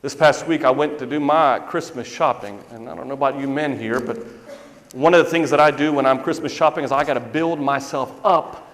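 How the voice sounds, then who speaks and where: A middle-aged priest giving a sermon, telling a story in a conversational way and repeating lines for emphasis. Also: male voice, mid-range voice, fairly quick, fairly bright tone. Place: church sanctuary. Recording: reverberant church hall.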